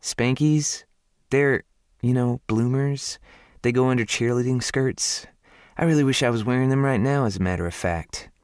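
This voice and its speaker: Male narrator doing a young southern woman, higher register, stubborn politeness, embarrassed. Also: moderate pace, a little mellow, clear, resonant tone, no echo, studio quality, natural voice. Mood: flustered. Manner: polite, self-deprecating, brushing off help.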